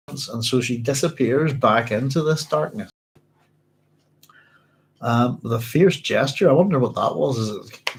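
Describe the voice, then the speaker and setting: A man's voice: mid-range voice, low-quality recording. A man hosting a book club at home, reading a novel aloud and musing over it in a rambling, self-correcting way.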